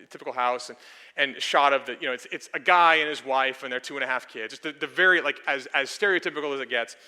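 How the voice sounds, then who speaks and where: A man gives an earnest, conversational sermon from the pulpit, restating each idea patiently. His voice is bright and a bit high for a man. The long reverb of a church hall trails behind every phrase. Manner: earnest, explains and restates points. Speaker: pastor. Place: church sanctuary.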